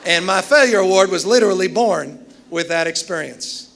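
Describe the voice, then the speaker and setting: A man's voice: sits high, animated, normal speed, vocal fry, a bit bright. A man delivering a commencement speech, telling emphatic stories with self-deprecating humor. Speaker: commencement speaker.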